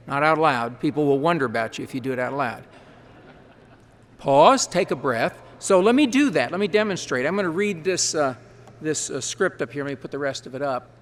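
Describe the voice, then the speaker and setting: A man who serves as parliamentarian, briefing a large assembly on procedure in a folksy, quick way with chatty asides. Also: on the high side, lively intonation. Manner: folksy, quick-talking, explains rules with asides. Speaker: parliamentarian advising delegates. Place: large conference hall.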